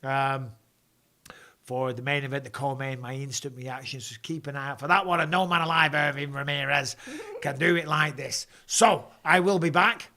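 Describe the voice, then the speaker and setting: A man's voice: medium pitch, steady tone, normal speed, pushed and bright. A man hosting a live stream from home, chatting casually in a blunt, jokey way.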